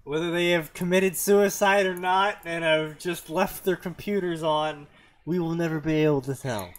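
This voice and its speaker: A man's voice: a little high, normal speed, a little hiss or hum. Dry, sarcastic male co-host. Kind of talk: casual comedic commentary.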